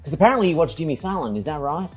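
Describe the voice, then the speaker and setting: Male host, husky voice, jokey teasing chat, faint music. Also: on the high side, big pitch swings, racing, darkish tone. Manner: joking, teasing questions. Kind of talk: casual chat. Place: bar set.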